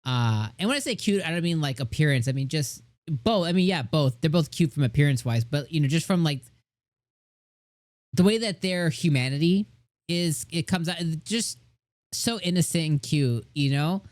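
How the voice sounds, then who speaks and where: A man's voice: fairly high pitch, animated, moderate pace, no room sound. A middle-aged man casually reviewing an anime episode, gushing and rambling with many fillers.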